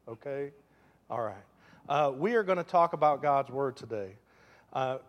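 A man preaching a sermon as pastor, lively and joking, drawing the congregation into call and response. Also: a little high, long reverb tail.

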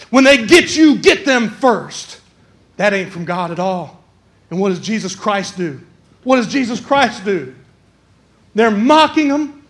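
A man preaching a sermon, swinging between hushed quoted lines and raised, emphatic exhortation. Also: high-pitched.

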